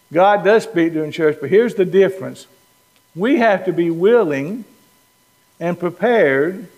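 A high-voiced man preaches in a church, with long reverb trailing each phrase. He is animated and playful and acts out the lines of the Bible figures he quotes. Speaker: pastor. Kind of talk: sermon.

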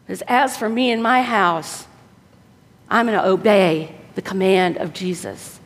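A woman preacher giving an earnest, exhorting sermon, often dropping soft for emphasis. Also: medium pitch, animated, a little slow. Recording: long hall reverb.

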